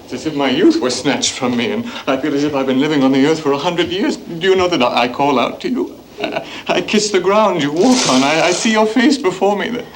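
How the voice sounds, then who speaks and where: A man's voice: on the high side, expressive, a little fast, hardly any pauses, slight background noise, natural voice, low-quality recording. An actor playing a lonely, lovesick young writer in a stage play, stammering and repeating his words. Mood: pleading.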